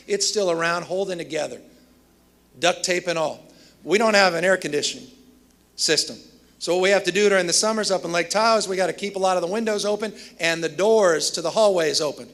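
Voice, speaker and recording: A man's voice: high-pitched, a bit bright. A man delivering a commencement speech, telling emphatic stories with self-deprecating humor. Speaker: commencement speaker.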